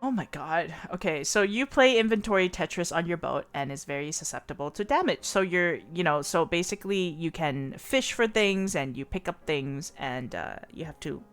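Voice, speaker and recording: Giggly animated woman streamer. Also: deep voice, normal speed, few pauses, faint music behind. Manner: giggly, animated, laughs often. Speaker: streamer host. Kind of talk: casual stream chat.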